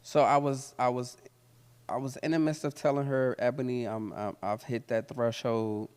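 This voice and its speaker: A man hosting a candid talk, telling personal stories full of swearing and laughter, then turning quiet and reflective. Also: medium pitch, little pitch movement, normal speed, smooth. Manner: profane, laughs often while telling stories; turns quiet and reflective when serious. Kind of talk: candid storytelling conversation. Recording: long hall reverb.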